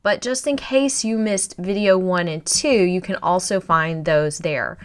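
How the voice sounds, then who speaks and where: A woman's voice: on the low side, unhurried, smooth. A woman who works as a digital learning coach, talking the viewer through her online training course in an upbeat, persuasive way. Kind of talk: promotional course presentation.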